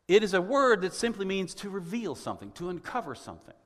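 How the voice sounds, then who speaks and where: A man pastor giving a sermon in a church, wry and conversational, often clearing his throat. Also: sits high, very animated, fast talker. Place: church sanctuary. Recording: long hall reverb.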